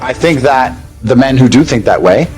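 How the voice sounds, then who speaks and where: A man's voice: mid-range voice, lively intonation, normal speed, a little mellow, low-quality recording. A man from England, delivering a blunt, profane motivational rant that lectures listeners and mocks the way other people talk. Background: faint background music.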